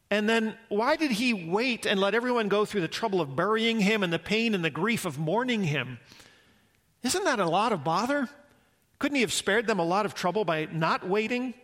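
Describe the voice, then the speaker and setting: Bright-voiced man preaching a sermon. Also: high-pitched. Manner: earnest, reflective preaching with rhetorical questions. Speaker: pastor.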